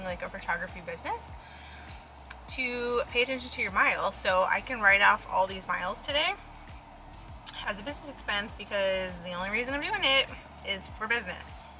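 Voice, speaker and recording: Chatty young woman, bright voice. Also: on the high side, a little fast, faint music behind, rough recording. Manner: chatty, rambling, lots of fillers. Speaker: photographer vlogger. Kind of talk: casual vlog narration. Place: in her car and at a restaurant.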